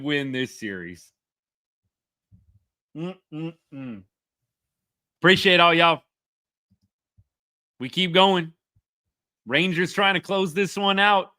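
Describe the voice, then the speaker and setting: A man's voice: fairly high pitch, pushed and bright, dry recording, clean studio sound. A man hosting a casual live reaction stream, chatty and upbeat as he reads viewer comments. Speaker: livestream host.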